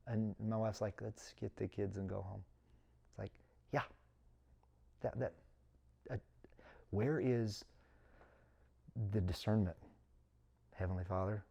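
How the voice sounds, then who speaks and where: A man's voice: on the low side, a little mellow, muffled recording. A middle-aged man telling a personal story in a sit-down interview, earnest and emotional, acting out the voices of people he quotes. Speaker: interview guest.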